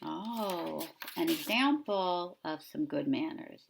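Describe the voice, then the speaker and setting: A woman preschool teacher discussing a picture book with young children, asking them gentle questions. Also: fairly low pitch, animated, takes it slowly, gravelly, noisy background.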